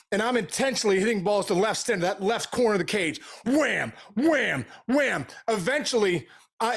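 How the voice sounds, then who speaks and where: A middle-aged man, a guest on an interview show, telling stories in an energetic, animated way with slangy asides. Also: sits high. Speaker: podcast guest, former pro baseball player. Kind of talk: casual storytelling interview.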